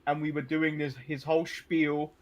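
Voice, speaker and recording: A man's voice: on the high side, flat delivery, moderate pace, highs cut off. A man from England co-hosting a podcast, speaking bluntly and jokingly, and often restarting his sentences. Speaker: podcast co-host. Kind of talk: casual wrestling recap chat.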